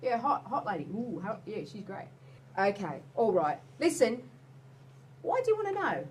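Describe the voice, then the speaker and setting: A woman's voice: mid-range voice, wildly swooping pitch, moderate pace, a little hiss or hum, pitched above the performer's own voice. Woman doing a Cockney shoe guy. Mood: gossipy. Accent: put-on Cockney. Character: male shoe repairer at a bowling alley, nosy.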